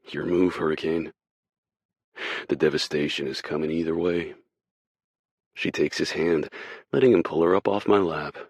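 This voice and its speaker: Very deep, husky male narrator. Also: no echo, clean studio sound. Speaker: audiobook narrator. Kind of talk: first-person romance audiobook narration.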